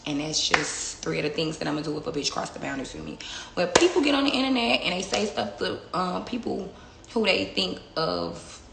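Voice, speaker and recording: A woman's voice: on the low side, very animated, fairly quick, gravelly, echoey room, heavy background noise. A young woman livestreaming from her phone, talking bluntly and with plenty of swearing in a casual, confrontational chat. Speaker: livestream host.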